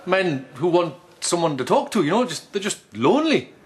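A man's voice: sits high, big pitch swings, normal speed, breathy edge. A man telling rambling, boastful stories in a comic chat. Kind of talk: comic skit call.

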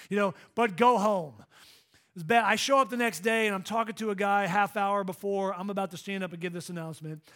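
A middle-aged man preaches to his congregation with a notably high voice, swinging between hushed asides and bursts of energy as he tells stories. He keeps the room involved with quick questions and calls for a response. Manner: lively storytelling preacher, engaging congregation. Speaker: pastor. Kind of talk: sermon. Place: church sanctuary.

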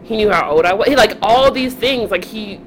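A young woman telling stories in a casual chat, animated, often laughing and acting out the voices of the people she quotes. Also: mid-range voice, brisk, low-quality recording. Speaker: podcast guest. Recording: faint background noise.

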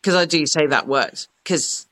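A woman's voice: sits low, a little slow, a bit bright, dry recording. A woman in her forties, a podcast guest telling rambling, sweary stories with lots of fillers. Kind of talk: casual chat, telling anecdotes.

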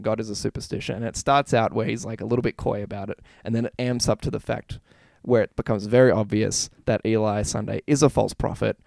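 Gravelly young man joking on a podcast. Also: lowish voice, darkish tone, dry recording. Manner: laughing, joking retelling of a film. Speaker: podcast co-host. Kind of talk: casual chat.

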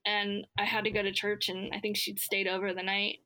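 Bright-voiced woman in casual chat. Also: medium pitch, monotone, fairly quick. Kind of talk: casual conversation.

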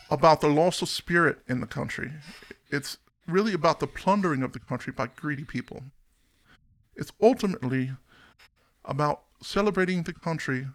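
A man's voice: a little high, normal speed, lightly acted. A man putting on a hammy Australian rocker. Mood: earnest. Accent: mock Australian. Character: man's put-on Australian rock-singer voice.

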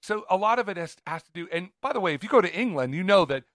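A man's voice: sits high, lively intonation, fast talker, fairly bright tone, no echo, clean studio sound. Eager, rambling man on a podcast. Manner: enthusiastic, rambling with restarts. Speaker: podcast co-host. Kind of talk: casual podcast chat.

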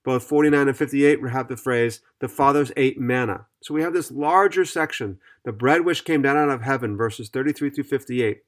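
A man's voice: mid-range voice, normal speed, hardly any pauses. A man teaching on a podcast Bible study, reading scripture aloud and explaining it in an earnest, methodical way.

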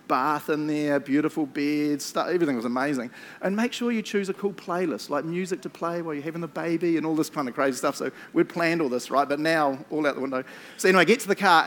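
A middle-aged man, preaching a casual storytelling sermon and shouting out re-enacted moments. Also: a little high. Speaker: pastor.

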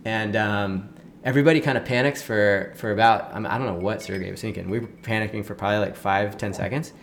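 A man telling a story in casual conversation, full of fillers like "like" and "um," and getting animated when he quotes other people. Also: on the low side, fast talker, vocal fry, slight background noise. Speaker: guest.

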